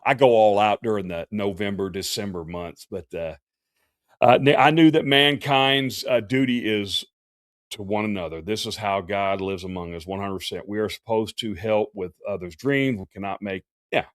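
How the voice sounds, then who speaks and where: A man's voice: on the low side, no room sound, studio quality. A man, a professional Santa performer hosting a casual livestream Q&A, talking in a folksy, chatty way with many fillers and restarts.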